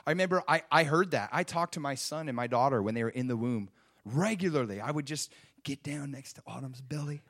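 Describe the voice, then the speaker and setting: Man, pastor, sermon, lively pitch swings, emphatic, rhetorical questions. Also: fairly quick.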